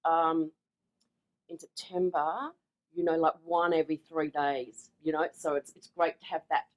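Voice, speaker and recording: A woman's voice: deep voice, fairly even intonation, unhurried, poor audio. A woman from Australia chatting in an interview about her business, talking with many fillers and restarts. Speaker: online seller sharing her story. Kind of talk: casual interview.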